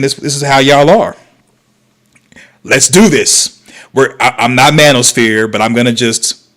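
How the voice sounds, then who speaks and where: A man's voice: medium pitch, a bit bright. A male streamer comments on clips in a mid-range voice. He is sarcastic and mocking, and lectures his viewers directly. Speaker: host. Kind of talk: livestream commentary.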